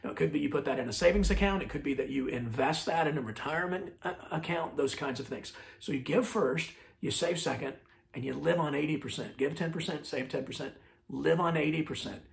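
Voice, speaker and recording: A male pastor preaching a sermon with a somewhat high voice and a gravelly, fry-laden texture. He talks conversationally, stumbling and restarting words, and drives key phrases home through repetition. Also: brisk. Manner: repeats key phrases as a refrain. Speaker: lead pastor.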